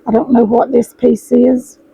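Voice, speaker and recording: A middle-aged sewing vlogger chats warmly and gushingly while unboxing fabric, calling her viewers "y'all." Her high, husky voice is hoarse and froggy, as if about to give out, with a level tone and measured pace. The recording is rough, close and dry, with no echo.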